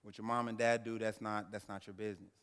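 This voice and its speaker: Male keynote speaker in his thirties; low-pitched, dramatic storyteller; reverberant banquet hall. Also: flat delivery, fast talker, a bit bright, smooth. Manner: dramatic storyteller who addresses the audience directly. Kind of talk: personal storytelling speech. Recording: echoey banquet hall through a PA.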